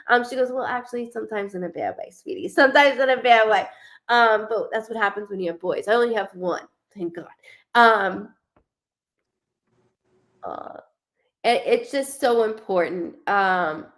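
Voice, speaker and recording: A middle-aged woman giving a live psychic reading, chatty and full of quick asides, often quoting the spirit in the first person. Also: mid-range voice. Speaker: psychic medium.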